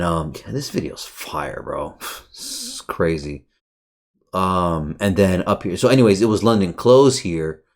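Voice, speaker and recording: Excitable, profane man reviewing trading charts. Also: low voice. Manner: profane, excitable, rhetorical questions. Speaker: trading educator. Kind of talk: casual screen-share chart review.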